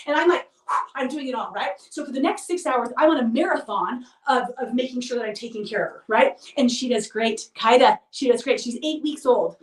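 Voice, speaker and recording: A woman in her thirties telling an animated, self-mocking story to camera as a vlogger. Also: sits high, fairly quick. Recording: roomy sound, mic at a distance.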